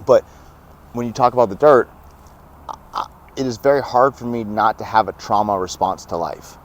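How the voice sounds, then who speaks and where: Young male guest, lower voice, lively anecdotes with acted-out quotes. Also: normal speed. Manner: animated, laughs often, acts out quoted dialogue. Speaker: podcast guest. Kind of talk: casual storytelling.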